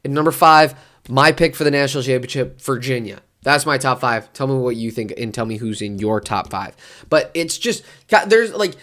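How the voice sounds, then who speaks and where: A man talking sports straight to camera in a loose, rambling vlog. He gets animated and his voice leaps up in pitch when he is worked up, then drops low and dry for asides. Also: moderate pace. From Detroit area. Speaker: sports vlogger. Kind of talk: casual sports rant.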